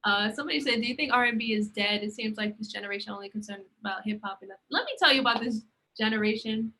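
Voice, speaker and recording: A woman's voice: a little high, fast, low-quality recording. A young woman co-hosting a casual chat, telling stories animatedly and acting out what people said. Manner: animated storyteller, acts out quoted lines. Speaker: podcast co-host.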